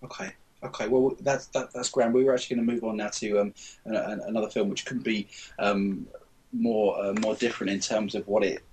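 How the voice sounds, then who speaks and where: A man's voice: lowish voice, fairly even intonation, a little fast, darkish tone, breathy edge, rough recording. A man hosting a casual film discussion podcast, thoughtful and hesitant with many restarts. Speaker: podcast host.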